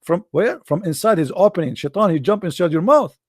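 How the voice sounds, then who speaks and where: A man delivering a mocking, sarcastic monologue in non-native English, drawling out quoted passages slowly and deliberately. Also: sits high, expressive, breathy edge, no room sound, clean studio sound. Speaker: religion critic commentator.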